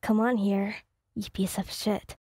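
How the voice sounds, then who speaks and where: A brisk, protective young woman speaks in a quick, low whisper in this role-play, voiced by a woman. The tone is breathy and mellow, recorded dry. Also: flat delivery, dry recording. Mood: annoyed.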